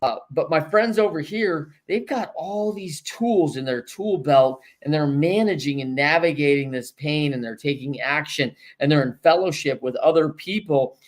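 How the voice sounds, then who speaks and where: A man's voice: a little high, normal speed, few pauses. A man hosting a podcast, talking loosely with lots of fillers. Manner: loose, filler-heavy talk. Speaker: podcast host, coach. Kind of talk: casual conversation.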